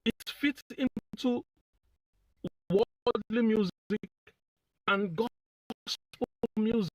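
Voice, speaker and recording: A man from Nigeria calling in to a live discussion, sharing his opinion in a halting way with repeated words. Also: high voice, low-quality recording. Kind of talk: casual opinion talk.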